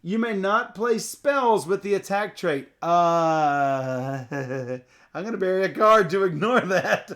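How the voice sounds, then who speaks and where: A man's voice: sits high, animated, slow, fairly bright tone. A playful man co-hosting a tabletop card game playthrough, reading card text aloud and laughing often. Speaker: co-host teaching a card game.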